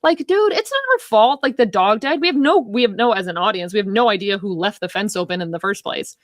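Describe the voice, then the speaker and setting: A woman's voice: mid-range voice, fast talker, no room sound, clean studio sound. A woman co-hosting a film talk show, venting in a rambling, heated way with lots of swearing. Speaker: podcast co-host. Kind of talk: casual film discussion.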